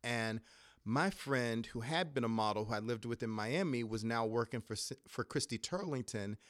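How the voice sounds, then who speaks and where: A middle-aged man telling stories in a casual conversation, lively and laughing, often jumping up in pitch to act out other people's voices. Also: moderate pace, no echo, clean studio sound. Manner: lively, acts out quoted voices with sudden high pitch jumps, laughs mid-sentence. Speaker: guest, former model turned stylist.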